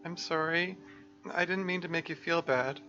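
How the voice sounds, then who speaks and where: A man voicing an anxious, self-loathing teenage schoolgirl in a high, strained, tearful voice. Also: normal speed, bright, forceful tone, highs cut off, faint music behind.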